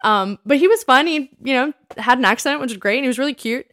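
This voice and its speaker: A woman in her thirties, co-hosting a casual chat and telling her dating stories in an animated way, acting out what people said. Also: high voice, fast. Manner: animated storytelling, acts out quoted lines. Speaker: podcast co-host.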